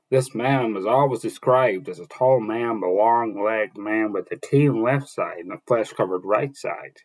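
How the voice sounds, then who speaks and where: A man reading a fantasy novel aloud as narrator, halting now and then with restarts and slips. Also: lowish voice, poor audio.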